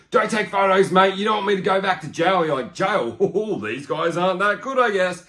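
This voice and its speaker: A young man hosting a podcast, chatting excitedly through a casual film review and acting out lines from it. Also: on the high side.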